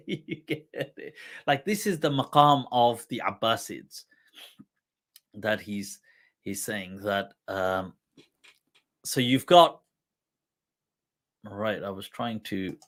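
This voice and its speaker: A man teaching on a livestream, telling a story in an unhurried way and chuckling often. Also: lowish voice, lively intonation. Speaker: Islamic teacher.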